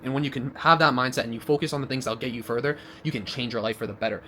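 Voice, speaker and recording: A man's voice: mid-range voice, racing, bright, forceful tone, slight background noise. A man delivering a blunt, profane motivational monologue, rambling and restarting as he goes. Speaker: vlogger.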